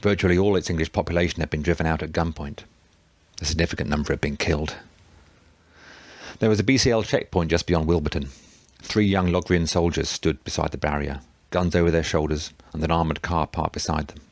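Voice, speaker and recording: Deep-voiced male audiobook narrator. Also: steady tone, a little fast, dry recording. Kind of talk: scripted narration.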